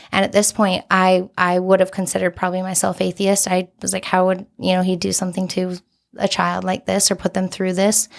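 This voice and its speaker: A woman's voice: mid-range voice, gravelly. A young adult woman, a podcast guest, telling a personal story in an earnest, candid way with many casual fillers.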